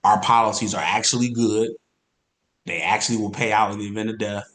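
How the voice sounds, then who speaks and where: A man giving an energetic, repetitive sales training talk as an insurance coach. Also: on the low side, fairly quick. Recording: roomy echo.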